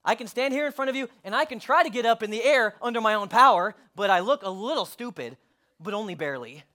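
A man preaching a sermon, animated, acting out voices as he reads a children's story to his congregation. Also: sits high, fast. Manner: animated, acts out story voices, swings loud to hushed. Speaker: pastor.

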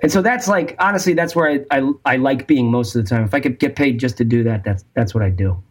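A man's voice: mid-range voice, quick pace. Rambling man from California. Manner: rambling, profane, laughing often. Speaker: podcast guest. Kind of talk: casual podcast chat.

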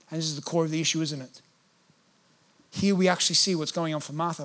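Aussie pastor guy in his 30s, high-ish voice, earnest sermon, sometimes pleads like he's praying. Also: lively intonation, quick pace. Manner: earnest, acts out prayers in a raised, pleading voice.

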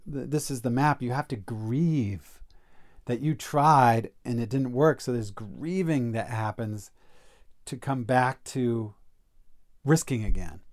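Man telling a heartfelt story. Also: mid-range voice. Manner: animated, acts out quoted people in the stories. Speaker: speaker on personal growth. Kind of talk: reflective casual talk, storytelling.

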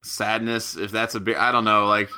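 A man's voice: lowish voice, level tone, normal speed, bright, forceful tone, clear, resonant tone. A man co-hosting a podcast in casual chat, chiming in with short wry remarks. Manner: wry, brief reactions. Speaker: podcast co-host.

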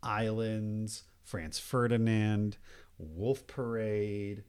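Slow-talking laid-back man chatting. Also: on the low side, fairly even intonation, a little mellow, clean tone. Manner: unhurried, laid-back joking. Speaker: podcast co-host. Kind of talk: casual chat.

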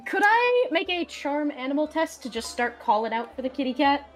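A woman's voice: high-pitched, sing-song, normal speed. A woman playing a tabletop roleplaying game, playful and eager, who laughs often. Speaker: player. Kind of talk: casual tabletop game play.

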